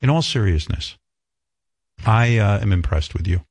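Low-voiced teasing male host. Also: husky. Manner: teasing, deadpan jokes, slow deliberate phrasing. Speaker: talk show host. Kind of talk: comedic interview.

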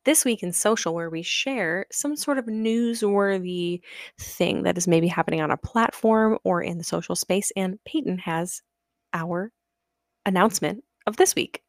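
A young woman co-hosting a podcast in casual chat, chiming in with quick agreements and running the segment transitions. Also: lowish voice, no room sound. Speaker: podcast co-host.

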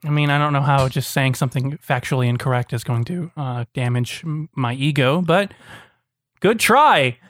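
A man's voice: medium pitch, normal speed, a bit bright. A man hosting a comedy podcast, teasing his friends with dry sarcasm. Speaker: podcast host. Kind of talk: casual comedic banter.

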